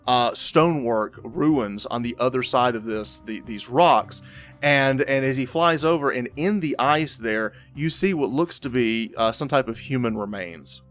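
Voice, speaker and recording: A man narrating as game master of a tabletop game, in a halting way with frequent restarts. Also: medium pitch, a bit bright. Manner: halting, with many fillers and restarts.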